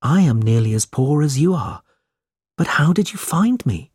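A man voicing an earnest, kind young man who speaks gently, in a storybook reading. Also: on the high side, expressive, moderate pace, slightly rough, dry recording, clean studio sound, voice pushed up.

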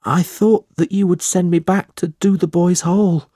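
A man's voice: steady tone, measured pace, no room sound, clean studio sound. A man voicing a frightened young boy who pleads to be allowed to stay, in a storybook reading. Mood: pleading. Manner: pleading, high and loud.

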